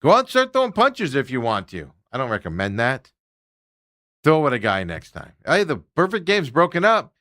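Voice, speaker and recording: A man hosting sports talk radio, ranting hard and mocking the players he is angry about. His voice is bright and forceful, his pitch jumps around a lot, and the studio sound is dry and close. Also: huge pitch swings, moderate pace, dry recording.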